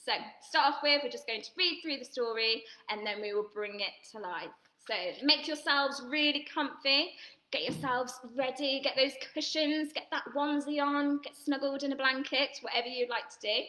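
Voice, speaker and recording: A woman leading an online drama workshop, reading a picture book aloud to children in a lively, encouraging way. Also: sits high. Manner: lively, animated, giggly, encouraging. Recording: roomy echo.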